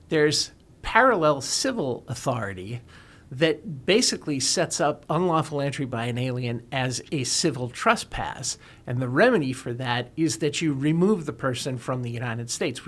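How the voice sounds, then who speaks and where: A man's voice: medium pitch, a bit bright. A man explaining and arguing a legal point in an emphatic, lawyerly way on a talk show.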